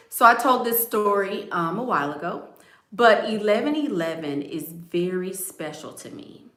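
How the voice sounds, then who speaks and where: A woman's voice: mid-range voice, very animated, a little slow, sharp tone, reverberant. A woman chatting casually to her viewers in a playful, talkative way, calling them y'all. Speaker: vlogger. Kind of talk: casual chat.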